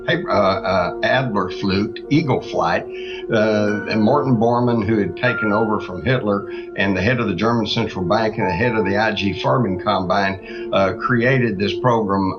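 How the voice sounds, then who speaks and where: A male author answering interview questions, halting with frequent fillers. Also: fairly low pitch. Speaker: author guest. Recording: dull, lo-fi audio. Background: music.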